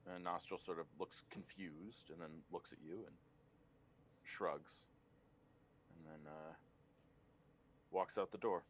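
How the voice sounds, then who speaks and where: A man narrating a tabletop game as game master, often pausing on ums and uhs. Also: low-pitched, steady tone, a little hiss or hum. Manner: hesitant, many ums and uhs.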